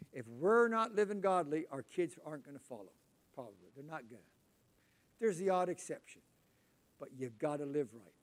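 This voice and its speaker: A middle-aged man preaching in church, folksy and emphatic, dropping to a quiet voice for personal stories. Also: on the high side. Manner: folksy, swings from loud emphatic lines to quiet storytelling. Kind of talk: sermon. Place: church hall.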